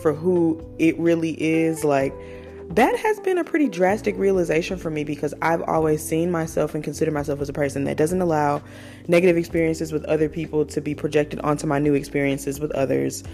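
A woman's voice: deep voice, a little fast, mellow, soft background music. A woman in her twenties talking candidly in a casual personal monologue, swearing freely and using slang. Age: 20s. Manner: candid, profane, conversational with slang. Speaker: podcast host.

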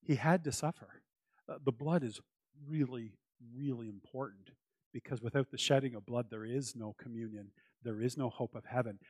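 A man's voice: medium pitch, normal speed, a little mellow, dry recording. A man preaching a sermon as pastor, earnest and emphatic, repeating his key phrases for weight.

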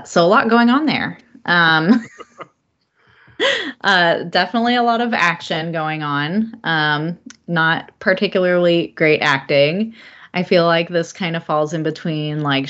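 A woman's voice: deep voice, fairly bright tone, muffled recording. A woman co-hosting a podcast, giggly and easygoing as she talks about films. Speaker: podcast co-host. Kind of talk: casual movie review chat.

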